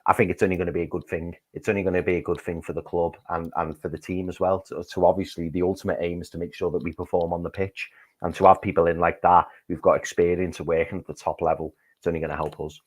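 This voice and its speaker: Deep-voiced man, stammering football chat. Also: little pitch movement, fast. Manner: stammering, repeats words, optimistic. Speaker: podcast co-host.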